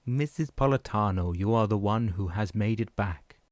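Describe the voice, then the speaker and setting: A man reading the part of a calm old male carver in an audiobook, speaking slowly and deliberately. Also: fairly low pitch, dry recording, studio quality, close to an everyday voice.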